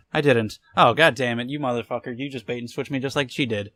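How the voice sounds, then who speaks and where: A young man giving casual, excitable commentary while playing a game, swearing often. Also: medium pitch, fast, faint music behind. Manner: excitable, swears a lot, angry outbursts. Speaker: let's play gamer.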